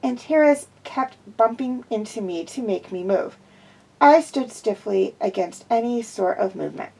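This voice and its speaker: In a low-quality recording, a woman with a slightly high voice, vocal fry, and a somewhat mellow, slightly rough tone reads a first-person fan fiction story. Her intonation is lively and her pace measured, and as an amateur narrator she frequently slips and self-corrects.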